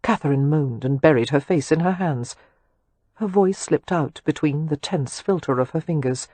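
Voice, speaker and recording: A woman narrating an audiobook in a measured, even storytelling manner. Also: sits low, husky, no room sound.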